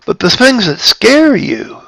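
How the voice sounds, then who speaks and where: Guy talking slow about spiritual stuff, kinda gravelly, stops and restarts a lot. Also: very high voice, big pitch swings, a bit bright, dry recording. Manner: halting, repeats and restarts phrases; plays with tone of voice for emphasis. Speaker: spiritual speaker. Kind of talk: reflective spiritual talk.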